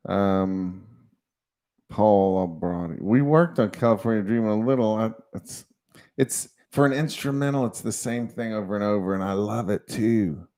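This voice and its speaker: A man's voice: fairly low pitch, moderate pace, mellow. A man hosting a casual livestream, rambling and chatty and often laughing as he talks. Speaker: livestream host.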